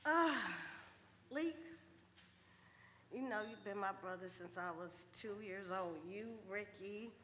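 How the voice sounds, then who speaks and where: A woman's voice: mid-range voice, slow pace, pauses often, pushed and bright. A middle-aged woman giving a chatty, conversational funeral tribute in a funeral home chapel. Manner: chatty, conversational, full of "you know". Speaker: eulogy speaker. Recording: hall reverb, faint room noise.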